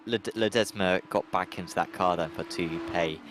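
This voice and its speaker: A man's voice: low-pitched, normal speed, noisy background. A man commentating on a sim race, talking in a rambling, hesitant way with lots of fillers and restarts.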